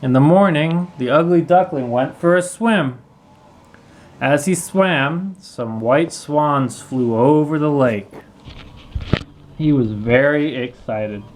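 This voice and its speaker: A man reading a children's storybook aloud, clear and expressive. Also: on the high side, takes it slowly, low-quality recording. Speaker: storybook reader.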